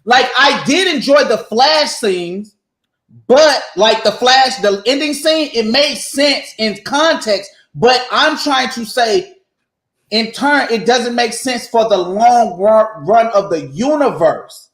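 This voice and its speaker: Excitable high-voiced man, echoey room. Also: slow. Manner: laughing, excitable. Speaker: guest. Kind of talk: casual chat.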